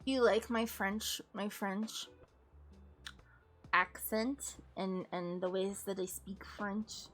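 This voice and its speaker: A woman streams a game while chatting casually with her viewers, with faint game music in the background. Her mid-range voice is steady, slow, and fairly bright; she giggles and often stops to correct herself.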